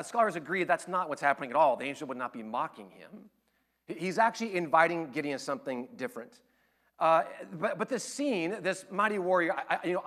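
High, bright-voiced man preaching a sermon. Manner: animated storytelling, acts out quoted voices. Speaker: pastor.

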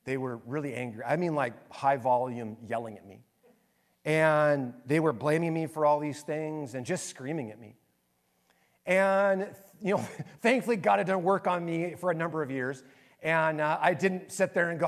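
High-voiced pastor preaching with swings in volume. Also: male voice, brisk. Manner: animated storytelling, swinging from raised lively bursts to soft hushed tones. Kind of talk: sermon.

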